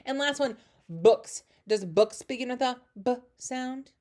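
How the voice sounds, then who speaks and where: A woman teaching a phonics lesson to young children, warmly encouraging with lots of praise. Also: high voice, measured pace. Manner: encouraging, lively, sing-song praise.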